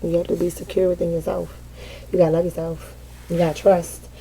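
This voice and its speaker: A woman's voice: on the low side, level tone, fairly quick, vocal fry, dark tone, slight background noise. A woman giving a casual vent session to her viewers as a tarot reader, dramatic and profane, often breaking into laughter.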